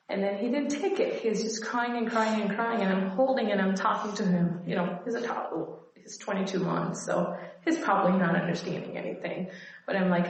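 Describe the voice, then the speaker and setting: A woman in her thirties, a workshop participant, telling a personal story in an earnest, tired, halting way with many fillers. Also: medium pitch. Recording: very echoey hall, faint noise.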